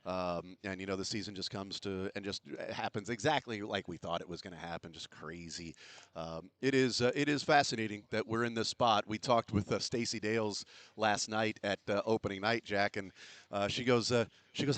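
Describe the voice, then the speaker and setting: A man's voice: fairly low pitch, a little fast, a bit bright, no echo. A man hosting a sports radio show in casual chat, rambling with many fillers and restarts. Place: radio row at a big sports event.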